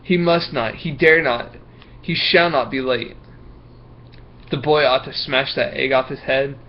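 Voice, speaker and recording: A man's voice: medium pitch, fairly even intonation, a little slow, lo-fi sound, lightly acted. A man voicing a nervous young schoolboy who stammers and hesitates while reading a picture book aloud.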